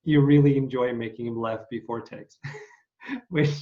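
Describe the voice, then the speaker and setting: A man's voice: medium pitch, measured pace, phone-quality sound. A man hosting an interview podcast, asking questions hesitantly with many fillers. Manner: hesitant, lots of fillers and backchannel. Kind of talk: casual interview.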